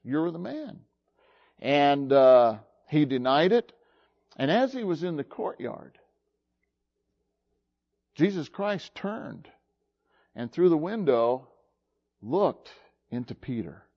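A man preaching a sermon, retelling a story slowly and haltingly with many pauses and fillers. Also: a little high, big pitch swings, dull audio.

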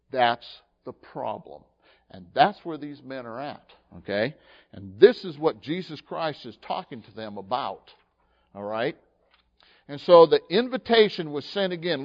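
A male pastor preaching a sermon in an animated way, swinging from hushed asides to emphatic, acted-out dialogue, recorded in a church sanctuary. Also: a little high, unhurried. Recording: dull lo-fi sound with long hall reverb.

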